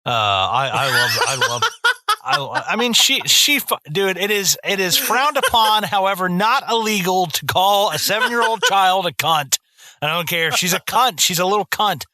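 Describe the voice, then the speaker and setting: A young man co-hosting a podcast, chatting casually about a film, profane and animated. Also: high-pitched, moderate pace. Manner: profane, animated storytelling with put-on voices. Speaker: podcast co-host.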